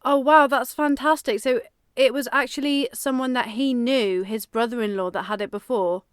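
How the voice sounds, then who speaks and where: A young British woman hosts her podcast in a smooth, clear voice that sits a little high. She talks in a cheerful, upbeat way. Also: steady tone, moderate pace. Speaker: podcast host. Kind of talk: podcast monologue and phone interview.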